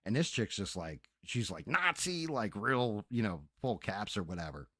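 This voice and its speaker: A man's voice: fairly low pitch, lively intonation, moderate pace, a bit bright, breathy edge, dry recording, studio quality. Profane, exasperated man ranting on stream. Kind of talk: casual ranting stream chat. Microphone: headset.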